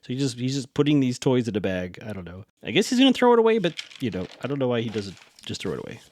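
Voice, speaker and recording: A man's voice: mid-range voice, big pitch swings, fast talker, darkish tone, a little hiss or hum. A man hosting a podcast, recapping a TV episode in a chatty, rambling way and often correcting himself. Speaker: podcast host.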